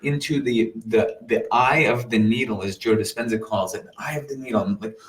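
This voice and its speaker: A man telling an earnest personal story in a casual way, animated and full of sound-effect words, sometimes dropping to a soft near-whisper. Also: medium pitch, brisk, low-quality recording. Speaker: meditation teacher.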